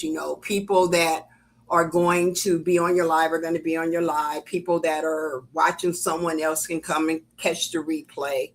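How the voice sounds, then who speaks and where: An older woman with a low voice talks loosely through a crafting live stream, wandering between thoughts and filling pauses with ums and uhs. She sounds like she is at home in her craft room, speaking into a webcam setup. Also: level tone, slight background noise. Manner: chatty and rambling, with many ums and uhs. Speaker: crafting channel host. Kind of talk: casual live-stream chat. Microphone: computer webcam setup.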